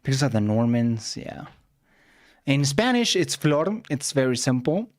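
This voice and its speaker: A man chatting casually as a reaction streamer, musing aloud in a relaxed, easygoing way. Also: mid-range voice, measured pace. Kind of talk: casual chat.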